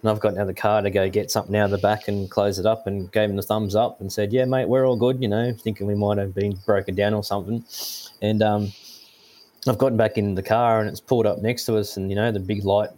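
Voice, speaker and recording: An Australian man, a podcast guest, telling field trip stories in a lively, casual way. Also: on the low side, fast. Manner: animated anecdote-telling. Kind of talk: casual storytelling.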